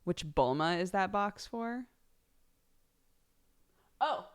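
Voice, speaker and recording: A woman's voice: medium pitch, expressive, extremely slow, clean tone. A young woman streamer chats casually with her live audience in a bubbly, giggly way. Her voice rises and falls widely as she thanks subscribers one by one. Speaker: livestreamer. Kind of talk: casual chat with live viewers.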